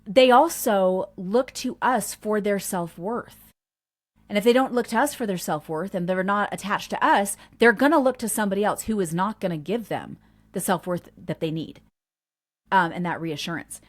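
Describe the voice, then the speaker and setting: A woman's voice: medium pitch, normal speed. A woman in her forties hosting a parenting workshop, talking earnestly and acting out little family stories. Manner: earnest, storytelling, acts out quotes softly. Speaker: homeschool workshop host.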